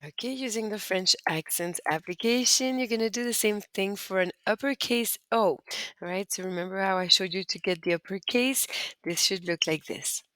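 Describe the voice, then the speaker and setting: A woman's voice: medium pitch, normal speed, a bit bright, dry recording. A woman teaching French as she walks students through typing accent marks, patient and step by step. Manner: clear, patient step-by-step instruction. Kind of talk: screen-recorded lesson walkthrough.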